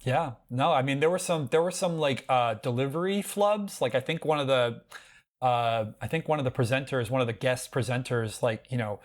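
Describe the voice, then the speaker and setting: An American man co-hosting a casual tech podcast, telling stories in an animated way and often restarting his sentences. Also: medium pitch, normal speed. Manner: animated storytelling with frequent restarts. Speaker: podcast co-host.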